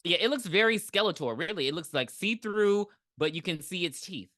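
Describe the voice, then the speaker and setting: A man co-hosting a podcast, chatting casually about a movie in a laughing, profane, expressive way. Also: sits high, brisk, no echo, clean studio sound. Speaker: podcast co-host. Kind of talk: casual movie review chat.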